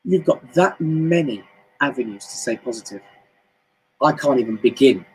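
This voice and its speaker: A man with a British accent giving a chatty, animated motivational talk on a home live stream, often jumping up high in pitch. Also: moderate pace, slight background noise, low-quality recording. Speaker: motivational speaker. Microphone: home live stream mic.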